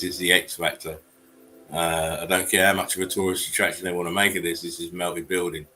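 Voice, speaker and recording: A man's voice: sits low, flat delivery, brisk, sharp tone, slight background noise, poor audio. A man hosting a casual livestream, talking bluntly, swearing and chuckling often. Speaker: channel host.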